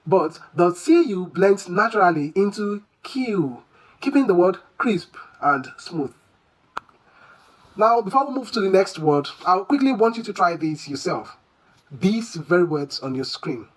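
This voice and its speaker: An English pronunciation teacher giving a lesson, who quizzes the listener with questions and repeats each word slowly and deliberately. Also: mid-range voice, animated, rough recording.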